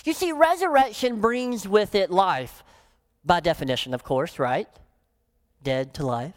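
A woman pastor preaching a sermon, emphatic, often dropping into soft, low phrases for weight. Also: animated, measured pace.

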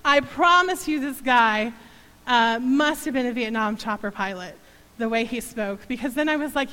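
A woman in her thirties giving an emotional sermon testimony in a church, telling her story with heartfelt, animated delivery. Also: a little high, normal speed, clean tone, in a large hall, poor audio.

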